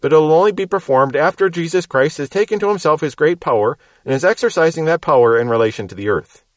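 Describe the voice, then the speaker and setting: Measured man teaching Scripture verse by verse. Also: a little high, lively intonation, no echo. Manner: measured, explanatory, emphatic on key words. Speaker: Bible teacher.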